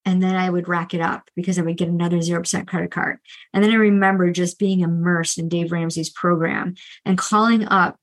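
A middle-aged woman and financial coach, talking candidly and earnestly about her own past with debt, restarting often and tossing in quick asides. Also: on the low side, fairly bright tone, rough recording. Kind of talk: candid solo podcast monologue.

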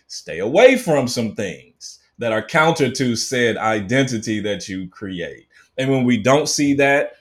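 A man as a guest, giving a measured, businesslike analysis in an interview. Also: fairly low pitch.

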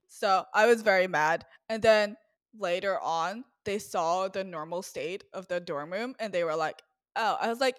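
A woman's voice: medium pitch, lively intonation, moderate pace, no room sound, studio quality. A young woman co-hosting a casual podcast, blunt and profane, her talk full of fillers. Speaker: podcast co-host.

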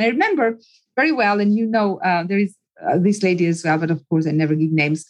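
A woman's voice: mid-range voice, fast talker, rough recording. A woman psychologist, an interview guest, telling a personal story in an earnest way, repeating words and often restarting her sentences.

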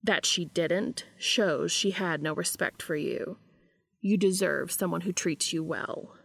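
A woman reading a storybook part as a reserved, formal grown man who speaks low and hushed, sometimes in a whisper. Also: takes it slowly, gravelly, full character voice. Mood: earnest. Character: reserved, formal adult man, quietly protective.

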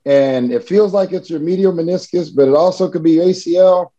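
A man's voice: a little high, brisk, dark tone, lo-fi sound, pitched above the performer's own voice, natural voice. A man quoting a friendly, upbeat male doctor in a raised, eager voice while telling a story.

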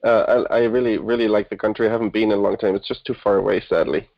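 A man in his thirties from Germany talks as an interview guest, chatty and quick to laugh at himself. The sound is dry and close, with a dull, lo-fi quality. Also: lowish voice, steady tone, gravelly, dry recording. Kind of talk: casual interview conversation.

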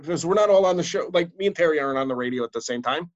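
A man, a radio DJ and podcast host, telling stories in casual chat, swearing freely and acting out quotes in a louder voice. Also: a little high, racing, lo-fi sound. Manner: animated, swearing, acts out quotes loudly.

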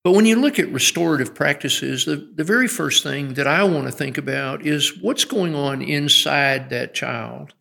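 In an interview, a middle-aged guest educator speaks as an earnest storyteller who keeps restarting sentences, barely pausing at all. His voice is a little high and sharp with vocal fry, at a moderate pace, heard through long hall reverb.

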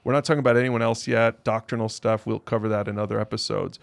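A man's voice: on the low side, fairly even intonation, quick pace, creaky, no room sound. A man, a pastor and co-host, talking in a casual discussion and reading scripture aloud, incredulous and emphatic, repeating his phrases.

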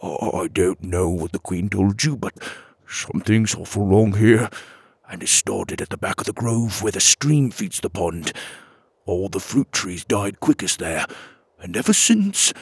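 A man's voice: low-pitched, lively intonation, vocal fry, breathy edge, no room sound, full character voice. Man doing a nervous little fairy villager. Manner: nervous, halting, folksy.

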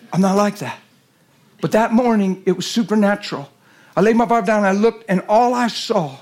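A man, preaching as a guest speaker in a folksy storytelling way that rises to shouted emphasis. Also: high voice, fairly quick. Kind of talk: sermon.

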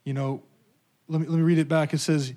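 A man's voice: little pitch movement, fairly quick, mellow. A man preaching a sermon in a conversational way, checking in with the congregation and acting out quoted thoughts. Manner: acts out quoted thoughts and voices with sudden pitch jumps. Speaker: pastor.

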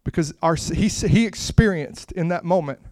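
A man preaching a sermon with impassioned delivery that swells to loud, emphatic peaks and drops to soft, hushed lines. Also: sits high, moderate pace, dry recording, studio quality.

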